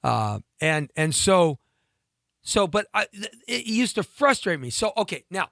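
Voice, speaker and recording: A man with a high, lively voice tells a rambling story, full of fillers and restarts. He acts out the other people's voices as he goes. The sound is bright and dry, close to the mic. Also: a little slow, creaky, no echo. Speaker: actor telling a story on a talk show. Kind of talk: animated storytelling.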